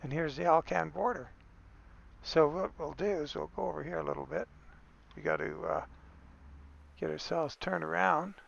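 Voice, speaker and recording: Gravelly, rambling man with a slightly high voice. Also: normal speed, long pauses, lo-fi sound. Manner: rambling and self-correcting, chuckles often. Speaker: game tutorial host. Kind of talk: casual screen-recorded game tutorial.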